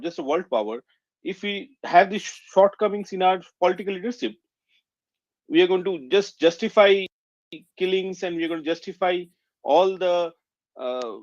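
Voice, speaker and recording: Earnest Indian man, halting and emotional. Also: fairly high pitch, no room sound. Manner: earnest, halting with many restarts. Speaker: caller. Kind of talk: emotional call-in remarks. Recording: muffled dry online audio.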